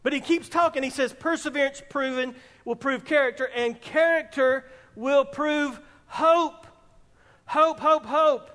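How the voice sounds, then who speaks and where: A man preaching a sermon as pastor of a church, speaking emphatically and rising at times almost to a shout. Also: extremely high pitch, unhurried, hardly any pauses. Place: church sanctuary. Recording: long reverb in a hall.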